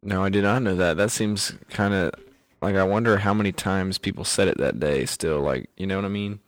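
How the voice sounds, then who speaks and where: Young male podcast host, deep voice, dry close sound, relaxed chatter. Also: a little fast, no echo. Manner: laid-back, chatty, with fillers. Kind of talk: casual podcast chat.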